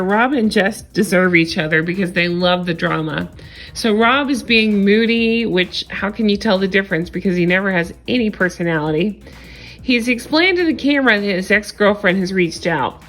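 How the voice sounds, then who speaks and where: A chatty woman talking through a reality TV episode in a casual, gossipy way. Her voice sits at an ordinary middle pitch, and she laughs often and swears freely. Faint music plays underneath her. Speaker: TV recap vlogger.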